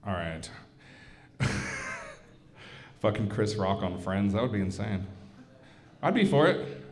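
Male comedy club emcee, animated swooping delivery, crude loose banter on stage. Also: lowish voice, slow. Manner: loose, profane banter with the crowd. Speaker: comedy show host. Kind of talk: live stand-up club hosting.

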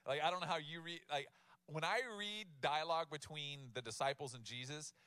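A man in his thirties delivers a sermon with a casual, joking touch, turning scripture into lively everyday talk. His voice sits a little high and sounds bright and forward. The sound is close and dry. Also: fairly quick, clear, resonant tone, no room sound. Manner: casual, humorous, animated storytelling with laughs. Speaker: pastor.

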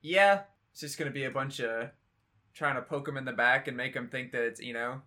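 Hesitant bright man player. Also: medium pitch, a little fast. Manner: hesitant, full of 'like'. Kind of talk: casual tabletop play.

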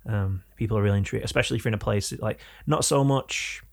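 A young podcast co-host from Oldham in northern England rattles off rambling anecdotes in casual chat, correcting himself as he goes. His voice sits on the low side, rapid and touched with vocal fry.

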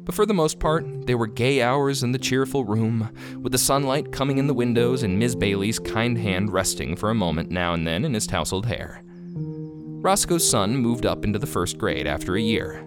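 A man narrating a classic short story as a podcast reader, expressive and measured. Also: medium pitch. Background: guitar music.

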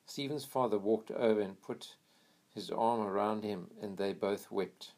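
A man reading a memoir aloud in an earnest, steady way, now and then pausing to pray quietly. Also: on the low side. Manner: earnest, pauses for quiet prayers. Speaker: reader of a missionary memoir.

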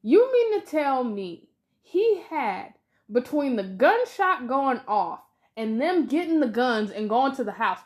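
A woman with a high, light voice co-hosts a casual podcast review. She talks in an animated, exasperated rush, picking apart what she just watched. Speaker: podcast co-host. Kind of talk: casual movie review chat.

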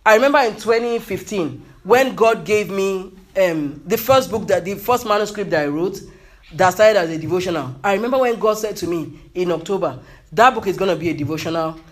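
A man with a high voice delivers a motivational sermon. He speaks emphatically, repeats his key points and punctuates them with hallelujah. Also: animated, normal speed. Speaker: preacher.

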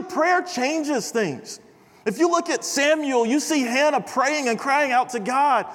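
A young man preaching at a chapel service in a casual, animated storytelling manner. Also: very high-pitched. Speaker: chapel speaker. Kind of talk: sermon with storytelling. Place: large chapel hall. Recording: reverberant hall.

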